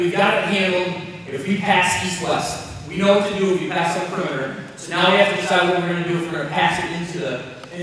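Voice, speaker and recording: A man running a basketball coaching clinic, calling out drill cues in quick repeated bursts and joking with players as he explains. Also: fairly high pitch, a bit bright, a little hiss or hum. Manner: joking, encouraging. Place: large gym. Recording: echoey gym from far off.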